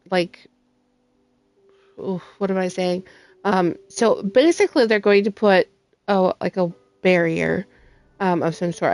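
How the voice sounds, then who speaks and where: A woman's voice: on the low side, no room sound. A woman hosting her gaming channel, casually talking through a game build with lots of ums and restarts. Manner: rambling with frequent ums. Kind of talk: casual gameplay commentary.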